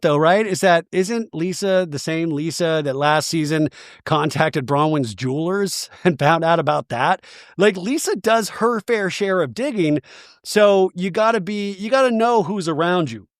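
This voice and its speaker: A man's voice: sits high, normal speed, no echo, studio quality. A man hosting a podcast, recapping a TV show in a chatty, gushing way and acting out what people said. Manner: animated, gushing, acts out quotes. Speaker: podcast host. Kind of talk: casual TV recap.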